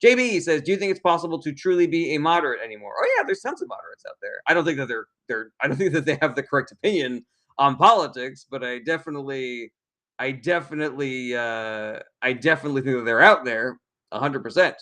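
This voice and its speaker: A man's voice: mid-range voice, fast, pushed and bright. A man answers questions from his live chat in a blunt, casual way, reading each message aloud before he replies.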